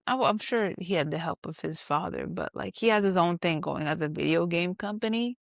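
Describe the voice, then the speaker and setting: Woman co-host, casual chat, thoughtful and hesitant, lowish voice, dry sound. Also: a little fast, creaky, no room sound. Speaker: podcast co-host. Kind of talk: casual chat about a show.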